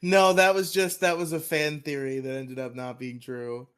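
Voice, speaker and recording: A man's voice: on the high side, level tone, normal speed, smooth. A man on a casual podcast who laughs often and explains things with "um" and "like.". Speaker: podcast guest.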